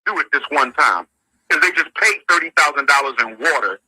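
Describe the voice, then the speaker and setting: A man in an interview, explaining a sequence of events in a measured way. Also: a little high, animated, sharp tone, husky, dry recording, rough recording. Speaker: interview guest.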